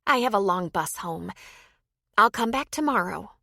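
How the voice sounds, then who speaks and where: A woman's voice: medium pitch, animated, moderate pace, vocal fry, bright, forceful tone, no echo, clean studio sound, voice pushed up, heavily acted. A woman reading a blunt, practical woman friend who talks frankly and pushes her friend to act. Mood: urging.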